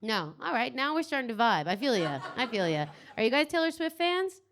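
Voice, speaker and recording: A woman's voice: fairly high pitch, very animated, fairly quick, fairly bright tone. A young Canadian woman doing stand-up crowd work in a comedy club basement, teasing the audience and swearing freely.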